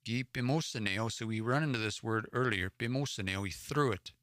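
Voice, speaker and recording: A man's voice: on the low side, brisk, fairly bright tone, dry recording, clean studio sound. A man from the Edmonton area in Alberta, hosting a livestream where he reads a story aloud, translates it word by word, and sounds out words he is unsure of. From Edmonton area, Alberta, Canada. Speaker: livestream host reading Cree stories.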